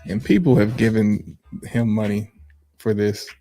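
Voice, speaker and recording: A man co-hosting a casual chat show, tossing in jokes and quick comments. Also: fairly low pitch, steady tone, mellow, faint music behind. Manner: joking interjections, slow drawl. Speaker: podcast co-host. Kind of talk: casual banter.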